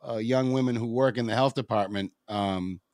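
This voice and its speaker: Male co-host, mid-pitched, thoughtful and digressive, dead-dry studio mic. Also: darkish tone, no echo. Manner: measured, digressive, with frequent fillers. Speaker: co-host of a local politics livestream. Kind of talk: casual political chat. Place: radio studio.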